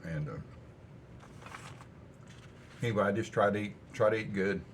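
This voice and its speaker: An older man with a very low, deep voice talks through his home cooking in a relaxed, rambling, folksy way. A faint hiss of background noise sits under his speech. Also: unhurried. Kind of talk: casual cooking vlog chat.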